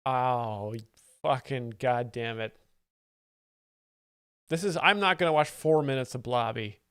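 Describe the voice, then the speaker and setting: Male live streamer, deadpan fake expert, sweary, mid pitch, dry mic. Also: takes it slowly, smooth, dry recording. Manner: deadpan mock-expert, sweary, absurd claims. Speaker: host, streamer. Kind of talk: live-stream reaction commentary.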